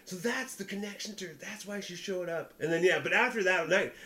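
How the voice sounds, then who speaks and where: A young man telling a rambling, animated story in casual chat, often breaking into laughter. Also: high-pitched, fairly quick. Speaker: podcast co-host, comedian.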